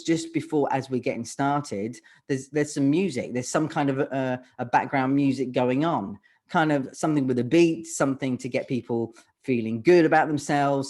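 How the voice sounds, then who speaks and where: A man's voice: medium pitch, darkish tone. A man coaching on presenting voice, speaking in an online workshop with frequent restarts and questions to the audience, over a webcam mic on a video call. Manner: halting, restarts words, pauses to ask the audience. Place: home office on a video call. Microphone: webcam or desk mic on a video call.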